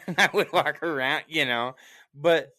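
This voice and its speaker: A man in casual chat telling a story as a profane, animated rant, with mocking asides. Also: fairly high pitch, measured pace.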